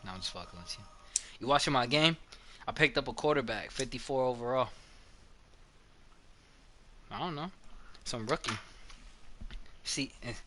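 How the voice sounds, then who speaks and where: A man's voice: medium pitch, expressive, normal speed, pauses often, bright, forceful tone, a little hiss or hum. A young man chatting casually while gaming, loose and profane, trash-talking a friend about football. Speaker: gamer streaming.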